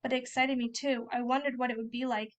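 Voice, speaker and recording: A woman's voice: fairly high pitch, level tone, quick pace. A woman reading a first-person novel aloud in a plain storytelling way. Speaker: reader.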